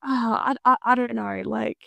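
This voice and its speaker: A woman's voice: on the high side, steady tone, moderate pace, gravelly, fairly bright tone, dry recording. Incredulous woman co-hosting a film podcast. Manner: reactive, incredulous, laughing asides. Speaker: podcast co-host. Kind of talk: casual film-review chat.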